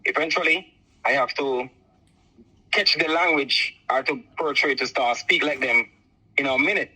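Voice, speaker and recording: A man's voice: mid-range voice, normal speed, bright, forceful tone, breathy edge. A Jamaican man calling in over the phone to tell a long personal story, rambling and repeating "so forth like that.". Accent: Jamaican, softened by years abroad. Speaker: caller. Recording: muffled phone line.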